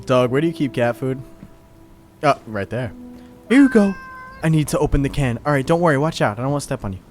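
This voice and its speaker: A man streaming a game live, talking excitedly and jokingly, cooing in baby talk at times. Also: medium pitch, fast, soft background music. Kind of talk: live gaming commentary.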